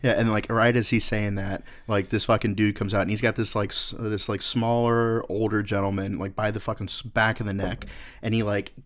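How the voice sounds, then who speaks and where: A man's voice: fairly low pitch, flat delivery, a little fast. A male podcast host in casual chat, telling a rambling, profane story.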